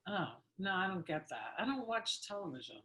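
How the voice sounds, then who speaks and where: A woman hosting an interview show, chatty and lively, laughing often as she talks. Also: mid-range voice, brisk. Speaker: show host. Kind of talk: casual interview conversation. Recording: echoey room.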